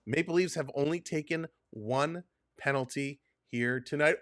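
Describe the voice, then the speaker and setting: High-voiced man calling live play-by-play. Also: a bit bright. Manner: chatty, greets viewers by name between play calls; rapid play-by-play calling of hockey action. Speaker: live-stream sports host. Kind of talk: casual play-by-play commentary for a live stream.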